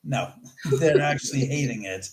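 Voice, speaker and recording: A man from California chatting on a live video call, animated and acting out stories. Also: mid-range voice, moderate pace. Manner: animated storyteller, acts out his dogs. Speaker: guest.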